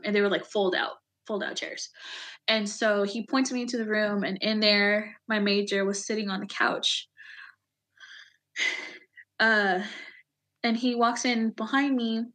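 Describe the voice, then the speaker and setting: A woman in her thirties, an Army veteran, speaks in an interview at an ordinary mid pitch. She tells her story haltingly and with feeling, with fillers and restarts that trip through her sentences. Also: a bit bright.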